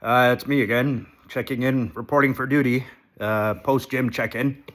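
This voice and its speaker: A man's voice: medium pitch, fairly even intonation, moderate pace, a bit bright. A man vlogging into a handheld phone while sick and shaky, with stuffed-up sinuses, rambling, swearing and putting himself down. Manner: rambling, sweary, self-deprecating. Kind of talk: casual confessional vlog.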